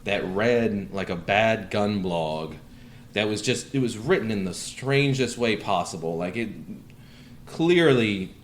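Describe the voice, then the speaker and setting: A man's voice: fairly low pitch, lively intonation, unhurried, slight background noise. A man hosting a casual podcast, talking in a profane, sarcastic, rambling way. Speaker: podcast host.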